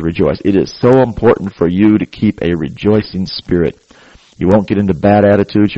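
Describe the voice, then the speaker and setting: A man's voice: low voice, dry recording, highs cut off. A man preaching a sermon, urging his listeners in an earnest, exhorting way and often adding "praise God.".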